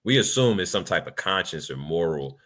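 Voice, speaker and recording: Deep, bright-toned man in blunt casual talk. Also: lively intonation, a little fast. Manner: blunt, profane, emphatic with sudden laughs. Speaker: podcast co-host. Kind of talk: casual chat.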